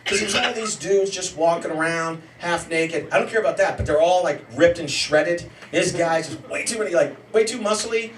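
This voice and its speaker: A man in his forties doing a self-deprecating stand-up comedy set, yelling during some bits. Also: on the high side, normal speed, few pauses. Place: comedy show in a homemade bar. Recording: roomy, mic heard from a distance, noisy room.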